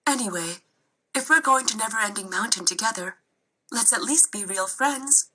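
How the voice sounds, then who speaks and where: A woman's voice: fairly high pitch, expressive, moderate pace, breathy edge, full character voice. A woman voicing a kind, practical young girl who speaks in a reassuring way in a storybook reading. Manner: warm, reassuring.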